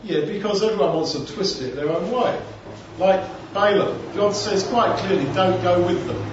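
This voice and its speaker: A man's voice: high voice, normal speed. A man preaching a conversational sermon, asking rhetorical questions and acting out little scenes from the text. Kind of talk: expository sermon. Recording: distant, echoey, dull, noisy hall.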